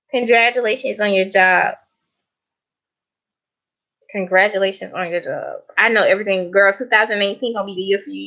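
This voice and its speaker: A woman's voice: mid-range voice, bright, forceful tone, muffled recording. A Southern woman chatting casually to her viewers, laughing often and calling them honey. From American South. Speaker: vlogger. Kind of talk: casual chat to camera.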